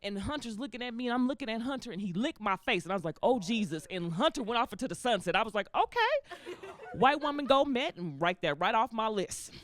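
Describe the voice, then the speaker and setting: A woman performing a stand-up comedy set, telling stories with animated delivery and acting out other people's voices. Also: on the high side, quick pace, hardly any pauses. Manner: animated storytelling with acted-out voices. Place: comedy club stage with live audience. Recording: live crowd laughter behind.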